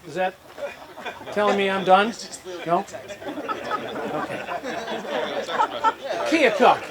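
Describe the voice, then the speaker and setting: Over a loud crowd in a very noisy setting, an older man with a high, sing-song voice speaks extremely slowly as a hall of fame inductee. At this outdoor disc golf course ceremony, he rambles through stories and acts out the dialogue.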